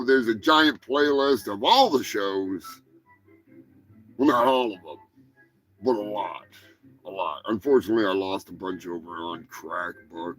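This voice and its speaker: A man hosting a crude comedic news show, talking in a profane, rambling, mock-gruff way. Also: on the low side, a bit bright. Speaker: host.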